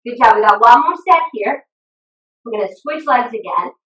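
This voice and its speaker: Breathless high-voiced woman coaching a workout. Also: normal speed, muffled recording. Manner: encouraging, gives steady cues while exercising along. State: out of breath from exercising. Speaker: fitness instructor. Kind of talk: live online workout coaching. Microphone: video call. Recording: roomy sound from away from the mic.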